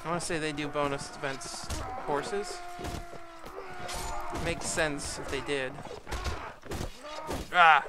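Chatty gaming man, a bit high. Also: takes it slowly, pauses often, over music. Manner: chatty, laughs often, yells at his troops. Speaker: gaming YouTuber. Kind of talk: casual gameplay commentary.

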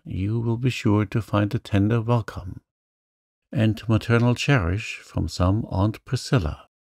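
A man reads a classic novel as a bedtime story, calm and even. His low voice has a gravelly edge and moves very slowly. The sound is close and dry. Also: dry recording. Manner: slow, soothing, even. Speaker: narrator.

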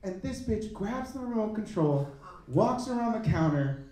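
A man in his thirties performing a stand-up comedy set on a club stage, animated and jumping up in pitch for punchlines. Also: moderate pace, heavy reverb, distant mic, low-quality recording. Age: 30s.

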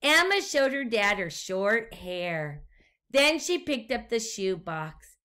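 A woman teacher reading a storybook aloud to young children and asking them gentle questions. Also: fairly high pitch, very animated. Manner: gentle, slow, questions to the listener.

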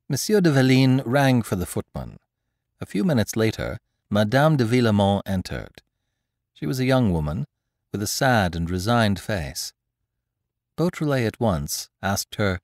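A man narrating classic fiction as an audiobook, in measured storytelling. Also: lowish voice, very animated, a little mellow, dry recording, studio quality. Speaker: audiobook narrator and podcast host.

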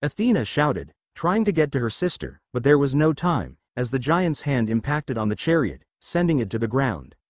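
A man's voice: mid-range voice, big pitch swings, normal speed, hardly any pauses, no echo. A man reading a fanfiction adventure aloud as narrator, voicing every character in much the same voice.

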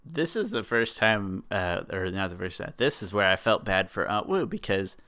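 A young man co-hosting a podcast, giving rambling, opinionated takes that often trail off quietly. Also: on the low side, expressive, moderate pace. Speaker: podcast co-host. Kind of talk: casual podcast chat.

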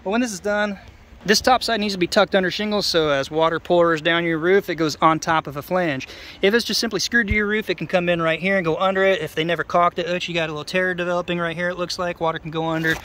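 A man's voice: high-pitched, fairly even intonation, quick pace, fairly bright tone, slight background noise. A man, a roofer, walks over a roof outdoors and explains in a folksy, plainspoken way what is wrong with it. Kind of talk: casual walkthrough explaining roof faults.

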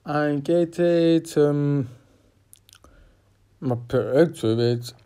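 A man talks through an upcoming fight in a loose, rambling way, stopping often on fillers and dropping swear words. He speaks at an unhurried, drawn-out pace. His voice sounds mellow and dark. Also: high-pitched, fairly even intonation. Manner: rambling, profane, halting with many fillers. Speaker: boxing fan giving fight predictions. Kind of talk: casual rambling fight preview.

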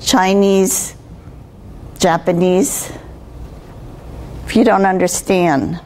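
A woman's voice: medium pitch, steady tone, extremely slow, darkish tone, a little hiss or hum. An older woman giving a conversational workshop talk on communication skills to students, asking them rhetorical questions. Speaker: guest speaker on communication skills.

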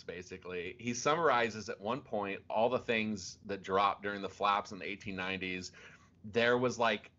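A man's voice: fairly low pitch, bright, forceful tone. A man co-hosting a podcast, casually retelling strange stories with laughs and restarts. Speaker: podcast co-host. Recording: dull lo-fi sound.

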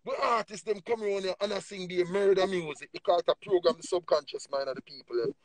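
A man with a Jamaican accent preaching emphatically on a livestream, swinging between low murmurs and loud bursts. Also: no echo. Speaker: livestream speaker.

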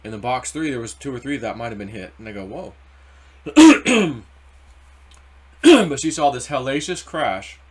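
A man in the middle of his normal pitch range, chatting casually about markets. He rambles from one thought to the next. He jumps into quick acted-out quotes along the way. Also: slightly rough. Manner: rambling, animated, acts out quoted voices. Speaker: crypto video host.

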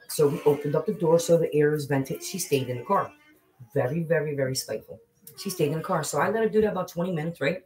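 A woman's voice: low voice, fast talker, darkish tone, rough recording. A woman hosting a casual livestream, chatting to viewers and telling a family story. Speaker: livestream host and mother. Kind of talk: casual live chat.

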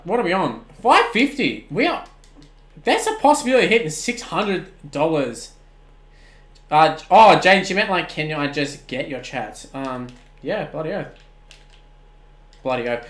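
Excitable Australian streamer in his twenties. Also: on the high side, echoey room. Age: 20s. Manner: excitable, swings from shouting at the game to relaxed chat. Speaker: gaming streamer. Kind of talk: live-stream commentary and chat replies.

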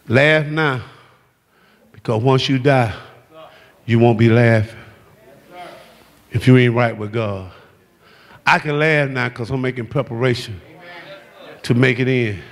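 A man preaches with a gravelly, bright edge to his fairly high voice. He shouts and works the congregation in an exuberant sermon. His words ring out in a church hall with long reverb. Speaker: pastor. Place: church sanctuary.

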